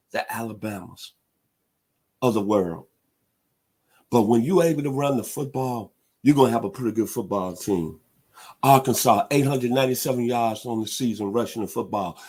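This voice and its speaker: A middle-aged man hosting a sports talk show, hyping teams in an animated, preacher-like way. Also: medium pitch, slightly rough. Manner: animated, preacher-like hype with loud hog calls.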